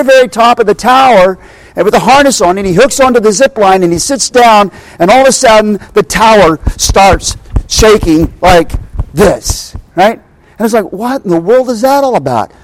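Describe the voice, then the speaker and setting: A man's voice: high voice, dry recording. A man preaching a sermon, telling stories animatedly and speaking directly to his congregation. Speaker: pastor.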